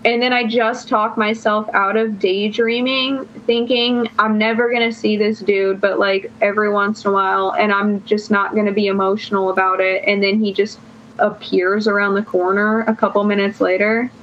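A woman's voice: medium pitch, flat delivery, moderate pace, a bit bright. A young woman guest on a podcast telling a long personal story in casual chat, rambling and filling her phrases with "like". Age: young adult. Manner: rambling, fills every phrase with "like". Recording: dull lo-fi sound.

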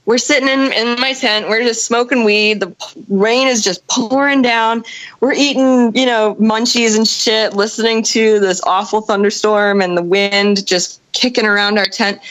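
Animated, profane woman storyteller. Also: a little high, moderate pace, rough recording. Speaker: storyteller on a podcast. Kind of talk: casual chat.

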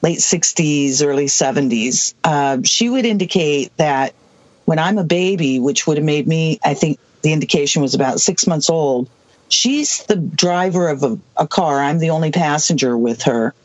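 Older guest from the Southwest, rambling and halting, dry dull lo-fi sound. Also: medium pitch, dry recording. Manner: halting, many restarts and asides. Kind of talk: rambling personal storytelling.

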